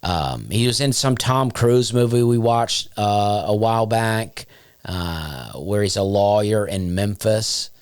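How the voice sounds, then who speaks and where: A man with a smooth baritone telling a rambling, self-deprecating story as a podcast host. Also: lively intonation, slow, no room sound, studio quality. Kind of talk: casual storytelling chat.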